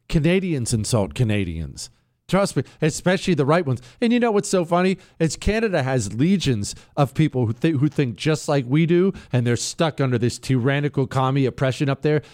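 A man hosting a talk show, giving sarcastic, animated commentary and bantering with his producer. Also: medium pitch, no echo, studio quality. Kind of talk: opinionated radio-style commentary.

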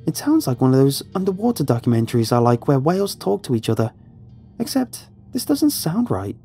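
A plainspoken rural mother speaks in a raised, homespun voice, as a man narrator puts her on. Her lines rise well above the reader's own pitch and swing up and down. Soft music sits under the story. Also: sing-song, fairly quick. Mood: puzzled. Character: plainspoken middle-aged rural mom.

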